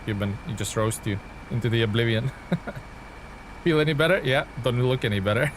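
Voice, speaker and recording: A man's voice: medium pitch, normal speed, a little hiss or hum. A man streaming a truck game live, chatting casually with his viewers as he plays. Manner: chatty, greets and thanks chat while playing. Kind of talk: live gameplay commentary.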